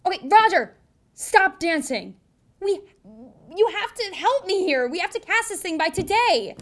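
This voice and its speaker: A woman's voice: very high-pitched, very animated, measured pace, heavily acted. A woman playing an anxious, pleading casting director who runs auditions over a video call in a comedy sketch. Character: desperate, high-strung female casting director.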